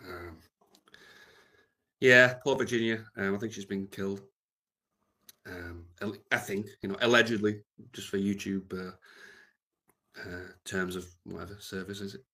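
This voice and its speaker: A man hosting a livestream, rambling in a deadpan, mumbling way with lots of ums. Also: on the low side, measured pace, pauses often. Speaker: livestream host.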